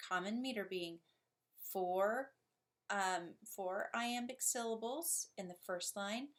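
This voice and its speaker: Slow-talking woman teacher. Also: medium pitch, a bit bright. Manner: slow, patient explaining with chuckles. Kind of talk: classroom poetry lesson.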